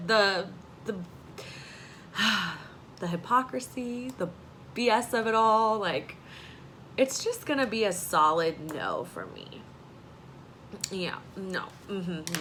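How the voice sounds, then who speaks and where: A woman hosting a casual reality TV recap, talking in a chatty, sassy way with quick asides. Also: lowish voice, bright, forceful tone, slight background noise, rough recording.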